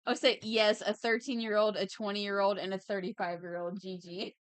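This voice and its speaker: A woman's voice: mid-range voice, flat delivery, normal speed, smooth, dry recording. A woman in her thirties hosting a livestream, chatting playfully and reading out chat messages while she draws. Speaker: livestream host.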